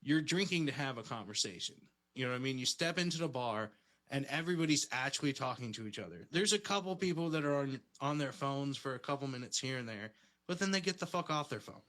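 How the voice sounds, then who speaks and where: Male podcast co-host, rambling and profane, bright forceful tone. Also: medium pitch, lively intonation, fast. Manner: rambling, profane, laid-back storytelling. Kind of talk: casual podcast chat.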